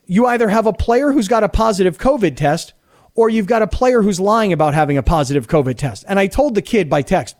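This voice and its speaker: A middle-aged man hosting sports talk radio, telling a story in an animated, indignant way. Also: high-pitched, a little fast. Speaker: radio host.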